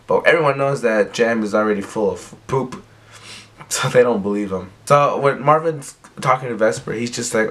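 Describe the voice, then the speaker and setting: A man's voice: mid-range voice, moderate pace, a bit bright. A young man giving a casual recap, rambling and full of fillers. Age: young adult. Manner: rambling, filler-heavy retelling. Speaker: recap vlogger.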